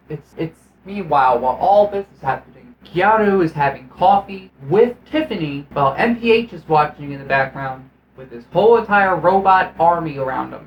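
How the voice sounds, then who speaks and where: In his own video, a man gives a sarcastic, profanity-laced recap of a movie, rambling and restarting often. His voice is fairly high, and the low-quality recording has a little hiss or hum.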